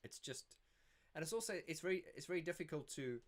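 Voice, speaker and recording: A man's voice: on the high side, animated, quick pace. A man hosting a casual livestream Q&A, chatty and rambling, often laughing and restarting his sentences. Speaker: YouTube channel host.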